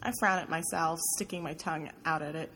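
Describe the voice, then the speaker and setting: Woman audiobook narrator, introspective first-person read, slightly low register. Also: steady tone, fairly quick, pushed and bright, a little hiss or hum, low-quality recording.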